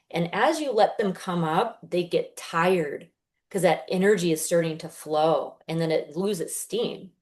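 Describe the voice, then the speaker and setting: Woman, 30s, low-ish voice, earnest healer guest, chatty explainer. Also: a little slow, a little mellow. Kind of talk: casual podcast interview.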